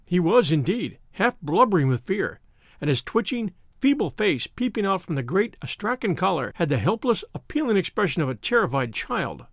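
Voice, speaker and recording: A man narrates a classic story in an expressive, dramatic audiobook style. His voice sits fairly high and moves a lot in pitch. The recording is close and dry. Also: moderate pace, dry recording.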